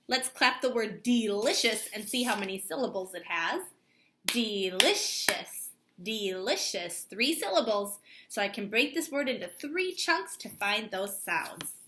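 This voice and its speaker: A woman teacher giving a distance-learning lesson to children, sounding out words slowly and clearly. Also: mid-range voice, fairly bright tone. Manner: slow, clearly stretched-out word sounding.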